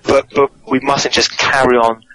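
Guy explaining stuff on radio, measured, repeats words a lot, normal pitch. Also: level tone, a bit bright, low-quality recording. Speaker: guest author. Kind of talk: interview answers.

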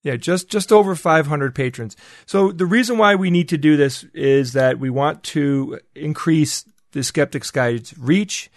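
Gravelly, joking podcast man. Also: on the high side, a little slow, dry recording, studio quality. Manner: joking, self-mocking. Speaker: podcast panelist. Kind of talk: casual panel chat.

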